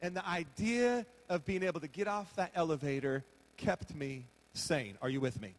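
High-pitched male pastor, joking storyteller sermon from the podium, long hall echo. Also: expressive, moderate pace, fairly bright tone. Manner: humorous storytelling, acting out his own reactions.

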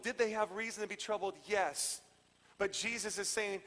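A pastor delivers an impassioned sermon, his voice high and bright. He repeats key phrases, swings between ringing proclamations and quiet asides, and a long reverb trails each line through a large hall. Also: fairly even intonation, moderate pace.

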